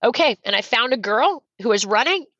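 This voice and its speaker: A middle-aged woman from Canada, a coach, telling a personal story on a podcast with high energy and fervent emphasis. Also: lively intonation, brisk, sharp tone, dry recording, muffled recording. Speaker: real estate coach and guest. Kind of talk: emotional storytelling in a podcast interview.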